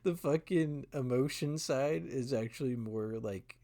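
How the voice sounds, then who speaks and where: A man's voice: mid-range voice, a little slow, warm tone. A young man co-hosting a podcast in casual chat, easygoing and laughing often. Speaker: podcast co-host.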